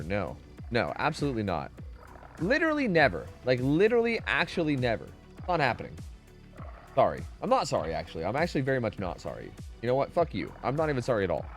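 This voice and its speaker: A young man streaming a game, talking casually and swearing often. His pitch swings widely from low mutters to high yelps, and faint music plays behind him. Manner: profane, rambling, reacts loudly to chat. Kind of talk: casual gaming stream chat.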